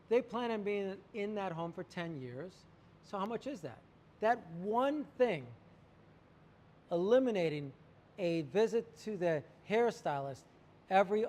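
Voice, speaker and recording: A man's voice: high voice, darkish tone, in a large hall. A man talking about water treatment to camera, telling a client story animatedly and acting out the quotes. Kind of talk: sales talk to camera.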